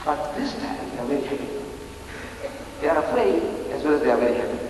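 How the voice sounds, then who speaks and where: Older South African lecturer, high-pitched and emphatic, recorded from afar in an echoey hall. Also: male voice, animated, fast talker, a little mellow, distant mic, a little hiss or hum. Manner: emphatic orator with rhetorical questions and repetition. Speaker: Islamic lecturer. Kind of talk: public lecture to a live audience. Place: large hall with live audience.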